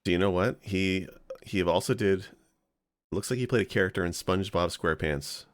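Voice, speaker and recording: A man's voice: deep voice, moderate pace, no echo, clean studio sound. A man co-hosting a casual podcast who often laughs and reacts with surprise. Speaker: podcast co-host. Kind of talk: casual chat.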